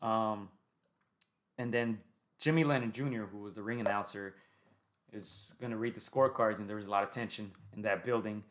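Lowish man telling a boxing story. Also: fairly even intonation, moderate pace. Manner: storytelling, recounting a fight with frequent "right?" and "um". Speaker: podcast co-host. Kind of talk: casual boxing chat.

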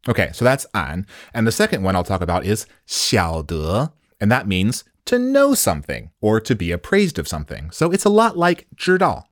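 A man's voice: fairly low pitch, wildly swooping pitch, moderate pace, hardly any pauses, no echo, studio quality. A man whose first language is English, hosting a solo podcast lesson on Mandarin slang in a playful, chatty way with jokes and rhetorical questions.

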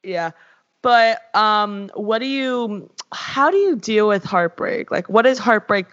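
Young woman podcast co-host, rambly and giggly, average pitch, muffled low-fi sound. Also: animated, takes it slowly, fairly bright tone. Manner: giggly, rambling, self-interrupting. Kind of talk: casual chat. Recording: dull lo-fi audio.

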